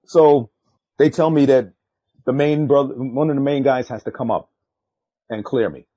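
Animated older man, dark husky voice. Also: normal speed. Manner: animated, jumps loud and high acting out quotes; profane, street-style speech. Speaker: guest, retired drug agent. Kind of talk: storytelling in a podcast interview.

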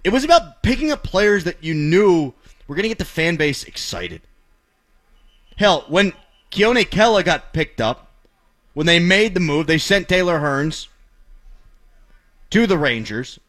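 A man's voice: a little high, animated, unhurried, fairly bright tone. A middle-aged man, hosting a sports talk show and ranting with sarcastic, opinionated commentary.

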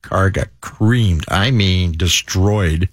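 A man's voice: sits low, drawn-out words, no echo. A man co-hosting a casual radio talk show, jokey and streetwise. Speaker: radio co-host. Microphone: studio microphone. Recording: dry studio sound with faint music.

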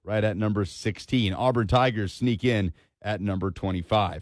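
A man reading a scripted sports news update on the radio in a steady, clipped delivery. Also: on the low side, normal speed, dry recording, studio quality.

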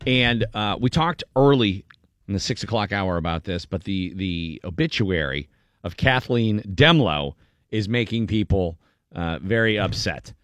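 A man's voice: on the low side, lively intonation, measured pace, fairly bright tone, no room sound. A man hosting a morning radio show, chatting casually and reading a news item aloud with playful quoted voices.

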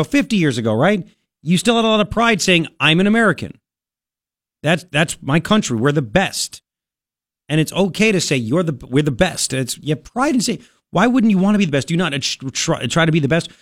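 Animated opinionated male radio host. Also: a little high, no room sound, studio quality. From Long Island, New York. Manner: animated, opinionated, rhetorical questions. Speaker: radio talk show host. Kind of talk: talk radio monologue. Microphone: studio microphone.

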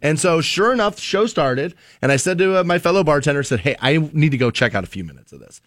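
A man with a fairly high voice banters on a morning radio show. He talks in an animated, teasing way, telling stories to his co-host. The studio sound is dry and close. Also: fast talker, no room sound.

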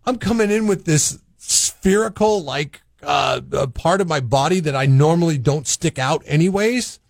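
A man's voice: on the high side, normal speed, vocal fry, no room sound. A man co-hosting a morning radio show, wryly teasing his partner in casual banter. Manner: wry, teasing, piles on comic complaints. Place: radio studio. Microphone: studio microphone.

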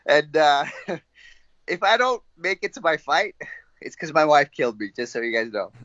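A man's voice: a little high, normal speed, dry recording. Young fighter guy chatting, laughs a lot, muffled dry audio. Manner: laughs often, animated storytelling with quoted voices. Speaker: fighter being interviewed. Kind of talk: casual interview chat.

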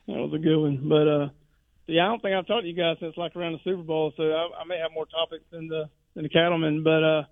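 A man's voice: fairly high pitch, fairly even intonation, fast talker, vocal fry, no echo. Rambling male caller on a tinny phone line. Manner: rambling storyteller who acts out quotes. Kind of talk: phone-in chat.

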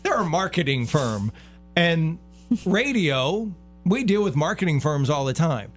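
A man's voice: on the high side, big pitch swings, unhurried, faint music behind. A middle-aged man hosting a radio show, chatting casually and getting heartfelt and a bit choked up.

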